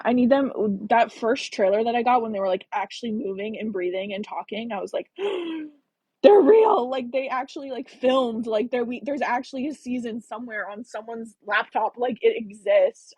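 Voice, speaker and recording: Husky-voiced young woman chatting on a live stream. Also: medium pitch, moderate pace, a little mellow, no echo. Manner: chatty, gushing, slangy. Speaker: book reader and live streamer. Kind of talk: casual reading and chat on a live stream. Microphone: phone.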